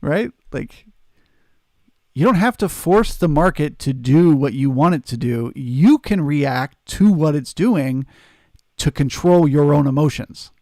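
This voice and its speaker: A man's voice: fairly high pitch, animated, a little slow, a little mellow, no room sound, clean studio sound. A man hosting a live trading stream, answering chat and coaching viewers in an earnest, emphatic way. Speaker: trading livestream host.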